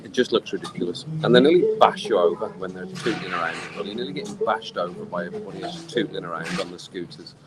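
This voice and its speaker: On a casual live stream at an outdoor poolside bar, a man who has been drinking vents in an animated, exasperated way. He speaks quickly in a low voice with few pauses. Heavy background noise surrounds him, and music plays clearly in the background.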